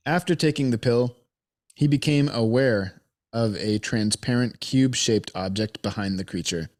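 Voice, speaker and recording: A man co-hosting a casual podcast who narrates the case notes to his friends and often chuckles. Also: fairly low pitch. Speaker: podcast co-host reading out the case.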